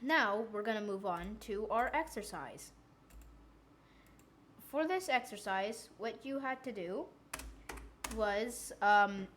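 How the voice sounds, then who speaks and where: A woman's voice: fairly high pitch, a little hiss or hum. A young woman teaching a phonics lesson, saying example words one by one and asking the listener questions. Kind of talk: slow scripted phonics lesson.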